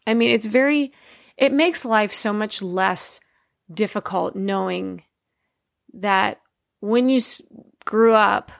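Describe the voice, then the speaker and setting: A middle-aged woman giving an informal, earnest faith talk as a parent, slowing down to stress her points. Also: medium pitch, creaky, no echo, studio quality. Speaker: Christian speaker, parent.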